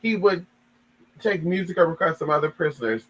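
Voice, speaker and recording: A man's voice: on the high side, lively intonation, fairly quick, a little hiss or hum, rough recording. A man giving sassy, dramatic gossip commentary, reading a story aloud and reacting to it.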